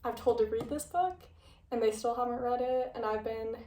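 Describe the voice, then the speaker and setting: A young woman with a warm, slightly high voice speaks at a normal speed in a casual video essay, reading passages aloud and interrupting herself with playful asides. She sounds a bit out of breath. Recorded from a distance in an echoey room, her voice is slightly off-mic, with some background noise.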